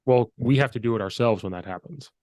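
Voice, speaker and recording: A man's voice: medium pitch, fast, mellow, no echo. A man hosting a podcast in casual chat, telling stories and acting out each person's lines. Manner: storyteller who acts out dialogue. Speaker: podcast host and high school coach.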